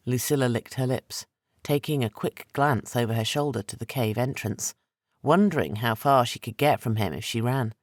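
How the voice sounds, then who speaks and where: A man narrating a historical fantasy audiobook in a steady, dramatic reading. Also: medium pitch, moderate pace, no room sound, clean studio sound. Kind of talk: scripted narration.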